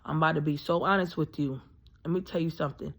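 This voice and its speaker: A woman's voice: sits low, fairly even intonation, quick pace. A woman in her thirties telling a personal story in a casual, rambling way, full of fillers and emphatic asides. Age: 30s.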